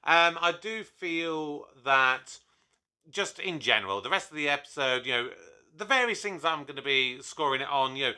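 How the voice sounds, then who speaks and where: A man's voice: fairly high pitch, lively intonation, moderate pace, bright, forceful tone, clear, resonant tone. A man hosting his own review channel, talking casually with enthusiasm and rambling into frequent asides. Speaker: YouTube reviewer host.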